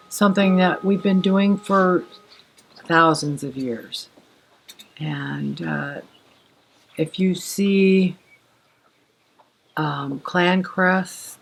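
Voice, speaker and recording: An older woman from Alaska, telling her story in an interview, thoughtful and unhurried with pauses. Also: sits low. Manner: slow, thoughtful, with pauses and fillers. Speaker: interviewee sharing heritage.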